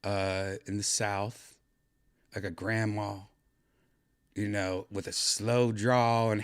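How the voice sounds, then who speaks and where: A man hosting a podcast, joking around with an AI voice in rambling, halting casual talk full of fillers. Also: fairly low pitch, steady tone. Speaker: podcast host.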